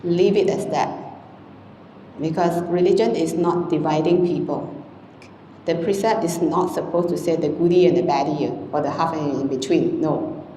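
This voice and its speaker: A Buddhist nun, giving an informal, conversational dhamma talk to a congregation, often adding "you know" and "ah". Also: female voice, low-pitched, normal speed, a little hiss or hum. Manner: conversational and gentle, frequent "you know" and "ah" tags. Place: temple hall. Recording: echoey hall with long reverb, faint ambience.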